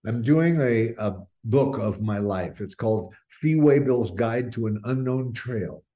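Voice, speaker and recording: A man's voice: mid-range voice, a little slow. Rambling older male singer. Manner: rambling, restarts often, animated when telling stories. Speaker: singer being interviewed. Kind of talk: casual interview chat.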